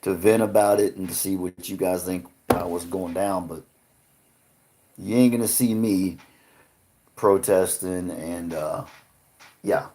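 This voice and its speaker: A man's voice: sits low, fairly even intonation, unhurried, pauses often, warm tone, a little hiss or hum. A man hosting a casual livestream, chatting loosely with viewers, swearing freely and laughing often. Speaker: livestream host. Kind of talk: casual live-stream chat with viewers.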